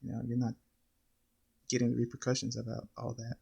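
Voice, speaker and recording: Gravelly, low-key man musing hesitantly. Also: completely flat delivery, brisk, warm tone, highs cut off. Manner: hesitant, thinking aloud with many fillers. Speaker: reaction video host. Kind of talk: casual reaction commentary.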